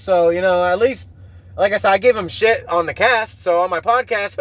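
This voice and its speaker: Casting: high-pitched male podcaster, loose rambling rant, swears a lot, keeps restarting thoughts. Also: fairly quick, fairly bright tone, no room sound. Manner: profane, rambling, with frequent restarts. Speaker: podcast host. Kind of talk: casual rambling monologue.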